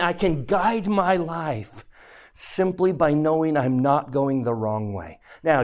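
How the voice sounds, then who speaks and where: A man teaching a devotional lesson to a class, speaking slowly and deliberately and sometimes dropping to a hushed near-whisper for emphasis. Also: on the high side. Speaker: religious teacher.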